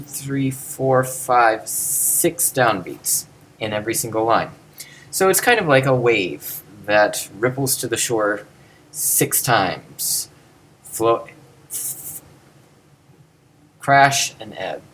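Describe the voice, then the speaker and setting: Man, screen-recorded lesson, unhurried delivery, patient step-by-step explaining. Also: mid-range voice, a bit bright, a little hiss or hum, low-quality recording. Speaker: teacher explaining ancient Greek verse.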